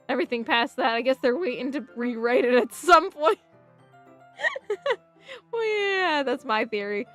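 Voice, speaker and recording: A young woman from the United States talks casually while streaming a game. Her voice sits fairly high, and she rambles from thought to thought, reading out and answering her chat. Faint game music plays behind her. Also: fairly bright tone. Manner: rambling, chatty, answers chat messages aloud, often laughs.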